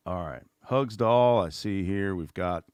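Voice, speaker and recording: Speaking in an unhurried, smooth way, this middle-aged host wanders through a relaxed livestream full of mocking, sarcastic remarks. His voice is very deep and low, and the recording is close and dry without any room around it.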